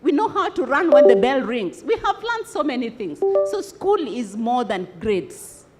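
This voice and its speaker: High, lively woman giving a speech. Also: unhurried. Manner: rhetorical questions, call-and-response with audience. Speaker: conference speaker. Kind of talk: motivational speech to students.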